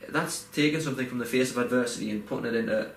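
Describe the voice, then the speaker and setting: A man racing along in a medium-pitched voice keeps the chat casual and heartfelt. He rambles, stopping to restart and using many fillers, recorded with roomy echo and faint background noise.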